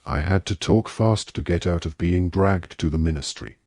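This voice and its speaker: An awkward teenage wizard boy, as a man reads him, defensive and apologetic, explaining in a rush. The voice sits deep and low, recorded dry with no room sound. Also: moderate pace, darkish tone, dry recording.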